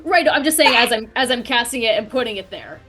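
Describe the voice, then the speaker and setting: A woman's voice: on the high side, lively intonation, fast talker, a bit bright, slightly rough, soft background music. A woman player in a tabletop game, speaking hesitantly and apologetically with many fillers. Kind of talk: casual tabletop play.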